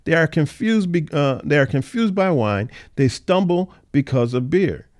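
A man leading an informal Bible study, reading scripture aloud and then explaining it conversationally, with frequent fillers and animated, mocking paraphrases of the people in the text. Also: on the high side, measured pace, hardly any pauses. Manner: animated, acts out the scoffers' voices in a mocking tone. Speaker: Bible teacher.

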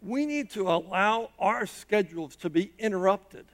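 A middle-aged man preaching a sermon, emphatic, swinging from loud rises to quiet drops. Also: animated, normal speed. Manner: emphatic preaching, rising and dropping in pitch and loudness. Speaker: pastor.

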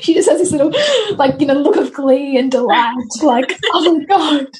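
A woman co-hosts a casual podcast with a slightly high voice. She speaks with effusive enthusiasm and gently prompts her guest with questions. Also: brisk, a little hiss or hum. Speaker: podcast co-host.

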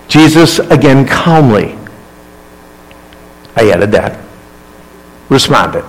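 Male pastor, sermon delivery, slightly higher voice, slow but very lively in pitch. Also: low-quality recording. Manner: animated, acts out quoted lines with rising emphasis.

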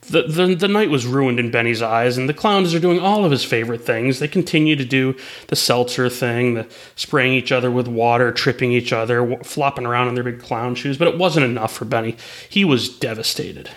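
A man's voice: medium pitch, a bit bright. A man telling a long story in a rambling way, with restarts and asides. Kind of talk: spoken storytelling.

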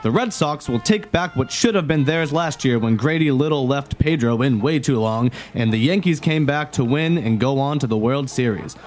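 A man's voice: mid-range voice, lively intonation, moderate pace, hardly any pauses, darkish tone, close to an everyday voice. A man playing a TV news anchorman in a comedy radio sketch, with a formal broadcast delivery. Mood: newsy. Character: solemn male TV news anchorman.

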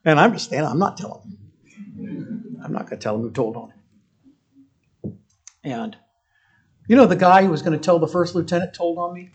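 A man's voice: on the high side, brisk, pauses often, breathy edge, highs cut off. A man telling a personal story from boot camp in a conversational way, with restarts and quoted voices. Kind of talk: storytelling talk.

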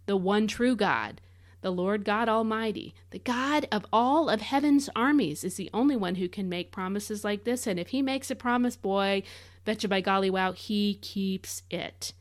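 A woman's voice: medium pitch, moderate pace. Earnest woman teaching the Bible. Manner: earnest, conversational, emphatic. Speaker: podcast host, Bible teacher.

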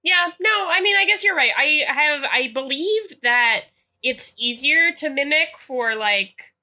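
Woman from Massachusetts, podcast co-host, rambling chatty delivery, somewhat high and very bright. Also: lively intonation, a little slow. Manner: rambling, filler-heavy. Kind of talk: casual chat.

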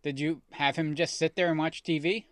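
A man's voice: on the high side, fairly even intonation, brisk, no echo, clean studio sound. A man in his thirties co-hosting a casual podcast chat, rambling and often restarting his sentences. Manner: rambling, self-correcting. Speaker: podcast co-host.

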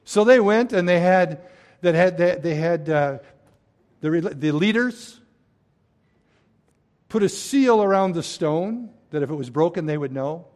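A man preaching a sermon as a pastor, swinging between loud stressed phrases and hushed, quiet drops. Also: fairly high pitch, unhurried, long pauses.

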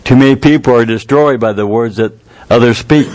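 A man preaching a sermon in a folksy, earnest way, jumping up in pitch to stress a point. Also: a little mellow, no echo. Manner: folksy, earnest, with quick rises in pitch for emphasis.

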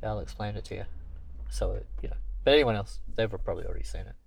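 A man, co-hosting a casual chat, easygoing and quick to laugh. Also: lowish voice, vocal fry, heavy background noise. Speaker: co-host.

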